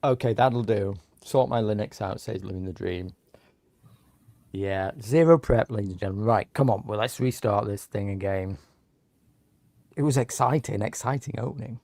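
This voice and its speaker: A man's voice: lowish voice, moderate pace, creaky, a little mellow, no room sound. A man hosting a livestream, chatting casually and reacting with exasperated disbelief. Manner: exasperated and incredulous. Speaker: livestream host. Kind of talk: casual live reaction chat. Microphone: headphones.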